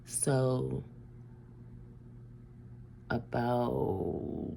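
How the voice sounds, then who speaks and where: A middle-aged woman from Ohio telling a family story to camera in a casual, animated way, swearing freely and often breaking into laughter. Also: very deep voice, extremely slow, vocal fry, slight background noise. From Ohio, USA.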